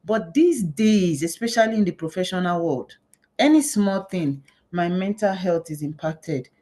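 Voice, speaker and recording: A woman from Nigeria, moderating a panel and telling self-mocking stories in a lively way. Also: fairly low pitch, unhurried. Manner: animated, self-mocking storyteller. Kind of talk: conversational panel facilitation.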